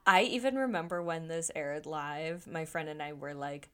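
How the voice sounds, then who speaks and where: Woman, podcast co-host, somewhat low voice, chatty, lots of "like", swears freely. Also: normal speed, clean tone. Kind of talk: casual chat recapping a reality show.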